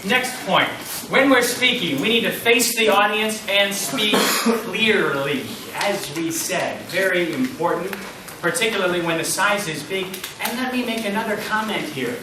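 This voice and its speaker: Animated male lecturer in an echoey hall. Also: high-pitched, moderate pace, far from the mic, background noise. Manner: animated, demonstrates voice changes, chuckles often. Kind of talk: public-speaking workshop lecture.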